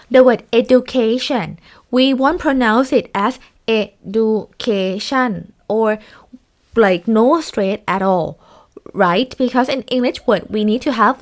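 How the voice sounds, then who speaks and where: A woman teaching a lecture, speaking in halting sentences with many fillers and restarts. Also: fairly high pitch.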